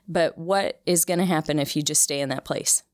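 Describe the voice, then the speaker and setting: A woman in her thirties speaks in a notably low voice as an interview guest. She tells her story earnestly and emotionally, often restarting her sentences. The sound is dry and close, with no room around it. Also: brisk, dry recording. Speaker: interview guest, cancer survivor. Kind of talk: casual conversational interview.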